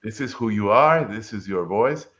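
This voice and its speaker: A man putting on the voice of a blunt older art professor who talks slowly and softly with inverted phrasing. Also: fairly low pitch, expressive, highs cut off. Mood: approving. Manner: Yoda-like inverted phrasing, slow, hushed.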